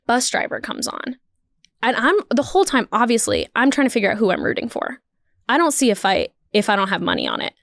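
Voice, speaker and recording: A woman hosting a podcast, telling a funny story in an animated, wry, riffing way. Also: on the high side, brisk, vocal fry, no room sound, clean studio sound. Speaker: podcast host. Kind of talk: comedic storytelling.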